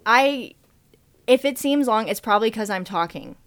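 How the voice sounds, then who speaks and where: A woman's voice: a little high, animated, moderate pace, fairly bright tone. A young woman chatting playfully on a video call, teasing her friend during a movie-quote guessing game. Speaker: game player. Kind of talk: casual chat.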